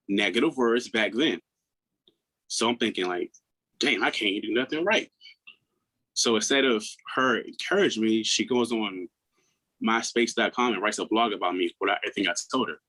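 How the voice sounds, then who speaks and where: A man in his thirties, a podcast guest, telling his own story in a candid, earnest way, often restarting his words and acting out what others said in a higher voice. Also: a bit bright, rough recording. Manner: acts out quoted people in a raised voice.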